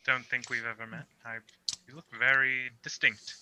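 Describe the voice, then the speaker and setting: A man playing a tabletop game who speaks in a relaxed, easygoing way in character. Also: mid-range voice, normal speed, clear, resonant tone. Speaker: player. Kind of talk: casual in-character chat.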